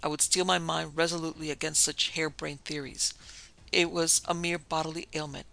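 A man narrating a gothic story in a measured, somber reading. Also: on the high side, flat delivery, creaky, sharp tone, poor audio.

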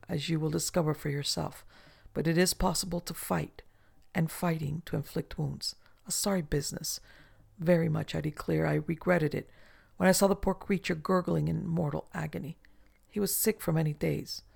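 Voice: mid-range voice, steady tone, moderate pace, gravelly, darkish tone, husky. A reader voicing an icy, drawling old pirate captain. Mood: menacing. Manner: drawling, menacing courtesy.

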